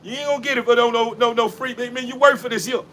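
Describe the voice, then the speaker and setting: High, bright-voiced man laughing between lines. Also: fairly even intonation, fast. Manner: laughing, repetitive, preachy street talk. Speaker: dog breeder. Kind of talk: casual vlog while bathing a dog. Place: outdoors in a yard.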